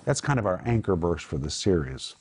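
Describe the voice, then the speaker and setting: A man's voice: sits low, sing-song, fairly quick, a little mellow, slightly rough. A man teaching from the Bible on a Christian talk show, earnest and emphatic, praying aloud for viewers.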